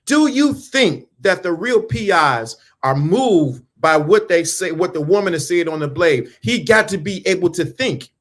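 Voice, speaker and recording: A man's voice: high-pitched, animated, a little slow, few pauses, a bit bright. A man giving a motivational talk about mindset and dating, in emphatic, repetitive, preaching style with casual slang and questions thrown at the listener. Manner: emphatic, repeats lines, asks the listener questions.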